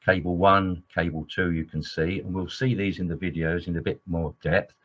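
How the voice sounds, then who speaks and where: A man with a fairly low voice lectures in a webinar as an engineering trainer. He is keen and wanders into side stories, with plenty of ums and uhs. The sound is dull and lo-fi. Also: steady tone, normal speed. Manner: enthusiastic, digressive, with many fillers.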